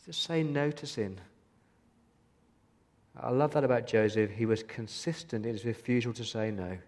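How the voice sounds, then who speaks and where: A man's voice: medium pitch, moderate pace, a little mellow. A man preaching a sermon as a pastor, earnest and pleading, asking many questions of his listeners. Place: church hall. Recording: long hall reverb.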